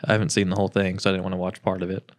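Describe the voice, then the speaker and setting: A man's voice: deep voice, monotone, racing, no echo. A young man co-hosting a podcast, telling childhood stories in a rambling, casual way and acting out quotes in a raised voice. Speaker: podcast co-host. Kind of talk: casual chat.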